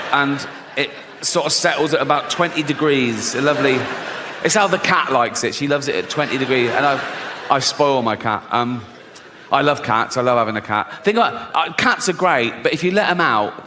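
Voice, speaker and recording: A man's voice: fairly high pitch, big-room sound, background noise. A man doing a stand-up comedy routine, provocative and laughing at his own jokes.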